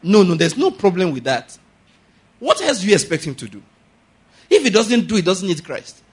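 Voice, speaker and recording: Male pastor, husky, higher voice, sermon delivery that jumps to loud emphatic peaks. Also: big pitch swings, moderate pace, long pauses. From Nigeria. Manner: preaching with sudden rises to loud, high emphasis and laughter.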